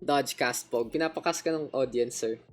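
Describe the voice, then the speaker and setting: A man's voice: medium pitch, normal speed, soft background music. Laid-back swearing Filipino male caster. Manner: swears casually, switches between English and Filipino. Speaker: caster and stream host. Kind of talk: casual stream chat.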